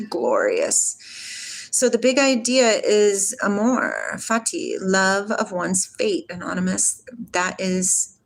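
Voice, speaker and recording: A woman hosting a casual spiritual livestream from home. She rambles from topic to topic and reads viewer comments aloud. Her pitch jumps around a lot as she gets worked up. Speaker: livestream host.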